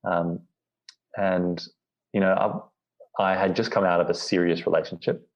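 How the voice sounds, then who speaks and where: A man with a low, steady voice speaks at a measured pace as a guest being interviewed on a podcast. He tells a personal story reflectively but rambles, full of "you know" and restarts. The audio is dull and lo-fi.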